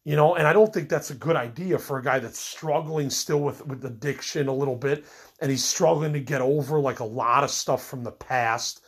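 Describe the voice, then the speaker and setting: A middle-aged man who hosts a podcast is sick with a cold and rambles through a casual personal monologue, venting frustrations with plenty of fillers and restarts. His voice is mid-range with a breathy edge, and he speaks at a moderate pace.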